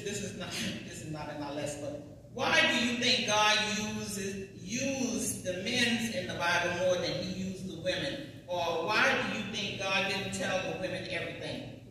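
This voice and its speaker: A woman's voice: medium pitch, pushed and bright, a little hiss or hum. A woman teaching a Sunday school class in a church, talking in a folksy, emphatic, conversational way. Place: church hall. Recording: echoey church hall from far off.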